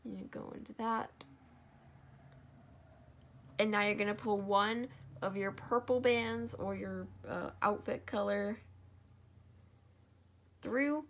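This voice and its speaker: Slow, sleepy young woman teaching a craft. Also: medium pitch, a little hiss or hum. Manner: sleepy, yawning and apologetic. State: tired, yawning. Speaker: crafting tutorial host. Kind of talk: step-by-step craft tutorial.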